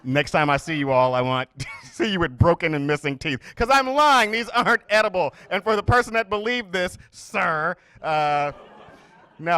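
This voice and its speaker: A man's voice: fairly high pitch, sharp tone, no room sound. A man emceeing a comedy show, introducing acts in a playful, joking hype style. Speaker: host. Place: comedy stage.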